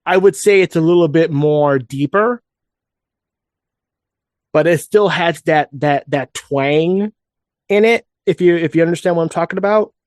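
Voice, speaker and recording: Man, podcast co-host, casual rambling chat, many restarts, slightly high voice. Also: a little slow, long pauses, no room sound, clean studio sound. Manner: rambling, with frequent restarts and asides.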